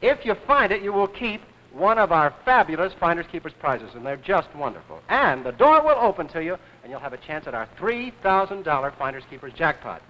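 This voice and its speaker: A male game show host talks at a rapid clip in a high, bright voice, keeping up brisk, excitable patter with callers and contestants. A faint hiss from the old broadcast sits under him. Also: poor audio. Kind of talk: live game show hosting.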